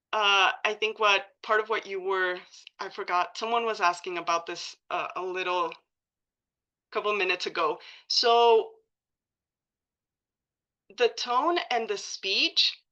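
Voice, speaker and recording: A woman's voice: mid-range voice, sharp tone. A woman presenting a training session at a community meeting, speaking casually with frequent fillers and self-corrections. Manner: casual, many likes and ums, self-correcting.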